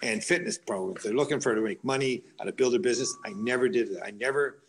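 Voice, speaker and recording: Guy who runs a boxing gym, rambling on in a podcast chat, lots of uh and um, middle pitch. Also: fast, rough recording. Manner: rambling, many restarts and fillers. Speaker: boxing coach and gym owner. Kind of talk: conversational interview storytelling.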